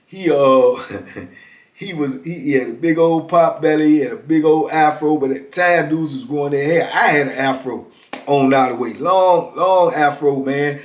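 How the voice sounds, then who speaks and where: A middle-aged man spins a casual story in a laid-back, easygoing way and keeps dropping in "man". His voice sits slightly high for a man. The room around him has a roomy echo. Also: moderate pace. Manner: laid-back, lots of "man" and "you know what I'm saying". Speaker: storyteller, former prisoner.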